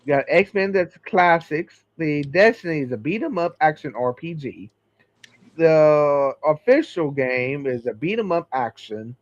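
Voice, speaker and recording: Casting: man host, slow and halting delivery with fillers, slightly high voice, dry lo-fi sound. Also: expressive, dry recording. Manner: reads game lists slowly with many fillers. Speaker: podcast host. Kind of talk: casual chat.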